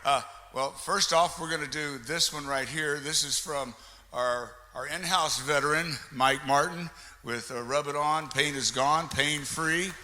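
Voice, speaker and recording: At a chamber of commerce meeting in an echoing hall with a little background noise, the emcee hands out door prizes, jokes with attendees, and brings up a guest. He speaks somewhat slowly in a fairly high, bright, forceful voice.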